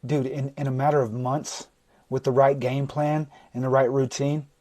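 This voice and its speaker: A man streaming live as a recovery coach, talking bluntly to his viewers and swearing often, with sudden shouting and long stretches of quieter, softer talk. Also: mid-range voice, little pitch movement, normal speed, no echo. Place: indoors, livestream. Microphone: phone or webcam mic.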